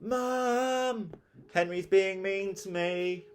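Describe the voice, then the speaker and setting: A man's voice: on the high side, unhurried, pitched above the performer's own voice, lightly acted. A man voicing a whiny little goody-goody boy who wails and pleads in a storybook reading. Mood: wailing. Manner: wailing, pleading.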